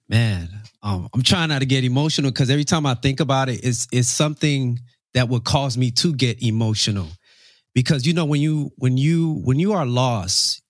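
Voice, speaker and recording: A man's voice: mid-range voice, no room sound, studio quality. A man hosting a faith podcast, earnest and preacherly as he questions his guest. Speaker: podcast host.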